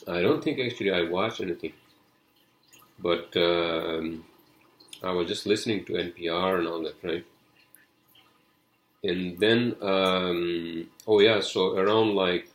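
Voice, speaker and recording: Low-voiced man rambling on his podcast. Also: slow, pauses often, echoey room, low-quality recording. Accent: non-native accent, unnamed. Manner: rambling, swears a lot, constant "you know". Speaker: podcast host. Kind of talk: casual solo podcast chat.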